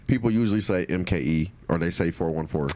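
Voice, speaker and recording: A man's voice: low voice, fast, darkish tone. A man hosting a playful spelling quiz on a radio show, teasing and laughing often, repeating his phrases. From Milwaukee. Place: radio studio.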